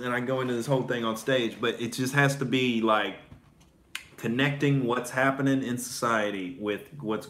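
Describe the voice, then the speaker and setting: With a mid-range voice that sounds pushed and bright, this Oklahoma comedian talks casually and profanely. He fills his speech with fillers and breaks into laughter between thoughts and stories.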